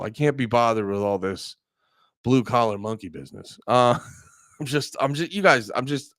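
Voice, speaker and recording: A man's voice: medium pitch, fairly bright tone, no room sound, clean studio sound. A man hosting a casual livestream, rambling and joking with frequent swearing while talking straight to his chat. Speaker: livestream host.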